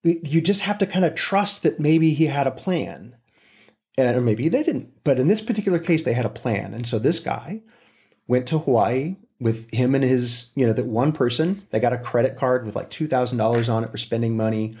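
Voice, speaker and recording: A man telling a story in an interview, with animated delivery and frequent restarts. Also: medium pitch, normal speed. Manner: animated, acts out quotes with voices. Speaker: interview guest. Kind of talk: casual storytelling.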